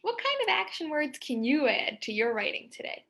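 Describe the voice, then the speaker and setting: A young woman teaching a writing lesson to children, reading her story aloud in an expressive, sing-song way. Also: sits high, moderate pace, vocal fry.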